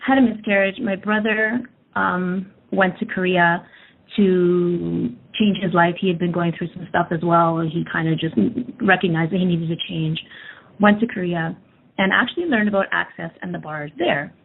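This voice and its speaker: A woman's voice: fairly low pitch, steady tone, moderate pace, gravelly. A woman in her thirties telling a personal story in a candid, casual way with lots of fillers. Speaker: energy work practitioner. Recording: tinny phone-like audio.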